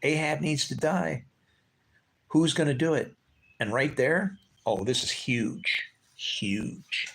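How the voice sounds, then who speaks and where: A man's voice: on the high side, lively intonation, slow, creaky, fairly bright tone. A man giving an informal Bible teaching, talking conversationally, asking his listeners rhetorical questions and swearing now and then. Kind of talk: casual unscripted Bible talk.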